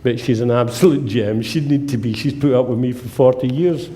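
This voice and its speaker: A man's voice: mid-range voice, a little fast, mellow, a little hiss or hum. A man, giving a humorous seminar talk to a live audience as the presenter. He tells jokey stories and acts out the dialogue in them.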